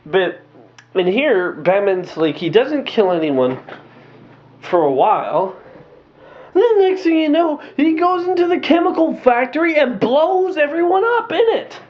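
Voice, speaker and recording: A man casually reviewing movies in a rambling, excitable way, full of fillers and restarts. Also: extremely high pitch, unhurried, slight background noise. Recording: dull lo-fi home recording.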